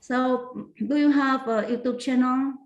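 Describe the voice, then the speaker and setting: A woman's voice: sits high, fairly even intonation, lo-fi sound. Careful woman caller from Vietnam. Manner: slow, careful, hesitant questions. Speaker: caller from the audience.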